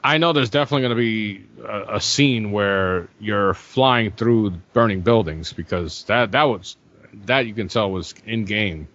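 A man's voice: lowish voice, unhurried, a bit bright. A man co-hosting a podcast in casual chat, laughing often and throwing in jokes. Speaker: podcast co-host. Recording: muffled lo-fi audio.

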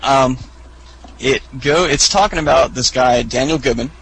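Gravelly-voiced man in casual podcast chat. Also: normal speed, a bit bright, a little hiss or hum, poor audio. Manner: rambling storyteller who acts out quotes in high squeaky voices. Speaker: podcast co-host.

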